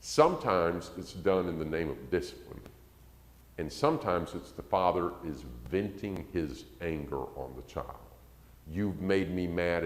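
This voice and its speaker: A man preaching a conversational sermon, acting out quotes and rising to emphasis. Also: deep voice. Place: church sanctuary. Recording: echoey church hall.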